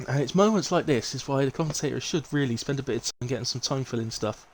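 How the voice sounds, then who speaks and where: Bristolian male race commentator, relaxed and rambling, fills dead air with chat, mid-pitched voice. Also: fast talker, a little hiss or hum, rough recording. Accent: Bristolian English. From Bristol, England. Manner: chatty, rambling, fills gaps with asides. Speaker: sim racing league commentator. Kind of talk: live casual race commentary.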